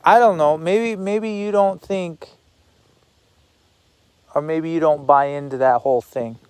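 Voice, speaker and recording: Man, personal vlog monologue, slow and rambling, slightly high, dry close sound. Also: smooth, no room sound. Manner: rambling, repeats himself, swears.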